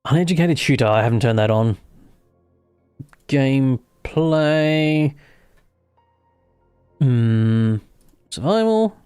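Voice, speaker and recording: A man talks his way through a live game stream in a loose, rambling way, cutting himself off and circling back. His voice is mid-pitched and recorded dry and close. Faint music plays behind him. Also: animated, slow pace, long pauses, dark tone, clean tone, no room sound. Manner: rambling, chatty, self-interrupting. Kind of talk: casual live gameplay chat.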